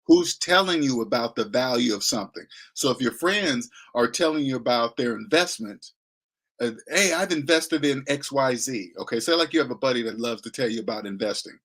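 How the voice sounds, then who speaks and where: A man's voice: mid-range voice, fairly bright tone. A man giving a blunt, slangy money lecture in a casual monologue. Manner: blunt, lecturing, slangy, mocking voices he imitates. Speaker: finance commentator.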